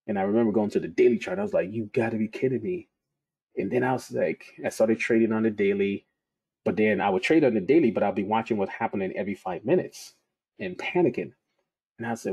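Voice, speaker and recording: Husky-voiced man teaching trading. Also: lowish voice, expressive, normal speed, darkish tone. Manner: conversational, storytelling, repeats key points. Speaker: trading educator. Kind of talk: casual teaching monologue.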